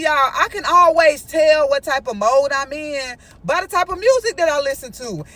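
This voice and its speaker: A woman vlogger telling a story in an animated, sassy and dramatic way, speaking straight to her viewers. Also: high voice, distant mic.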